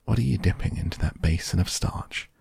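A man's voice: low voice, a little fast, vocal fry, darkish tone, slightly rough, dry recording, clean studio sound, heavily acted. A man voicing a curious little girl who keeps asking eager questions.

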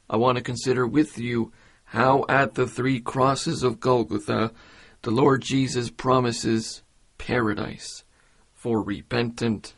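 A man giving a devotional meditation in a measured, earnest way. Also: mid-range voice. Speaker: preacher.

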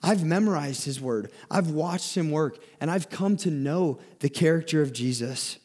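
Young guy giving a sermon, kinda high voice, earnest, keeps restarting words. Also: moderate pace, a little mellow. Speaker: speaker giving a talk.

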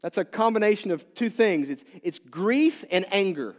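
A pastor giving a sermon, asking the congregation many questions and moving between loud emphatic bursts and quiet low asides. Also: male voice, expressive, moderate pace. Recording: long reverb in a large hall.

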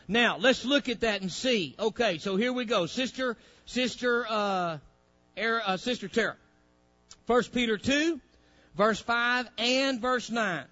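Fiery high-voiced preacher. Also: male voice, highs cut off. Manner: swings from low murmurs to loud shouted peaks, acts out voices. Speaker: pastor. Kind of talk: sermon.

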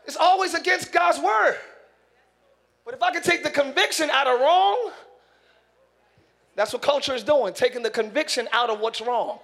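A man pastor preaching a sermon in church, animated, acting out voices and shouting for emphasis. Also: very high-pitched, normal speed, gravelly, pauses often. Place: church sanctuary.

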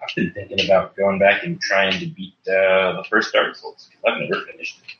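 A man's voice: sits low, big pitch swings, brisk. A man chatting casually on a podcast, rambling and correcting himself as he goes. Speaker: podcast guest player. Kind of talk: casual chat. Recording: echoey, muffled remote audio.

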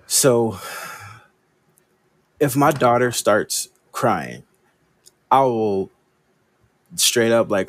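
A man's voice: mid-range voice, lively intonation, drawn-out words, long pauses, no echo. A man in his thirties from Los Angeles chatting casually as a podcast co-host, candid and confessional, often saying "man". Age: 30s. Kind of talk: casual chat.

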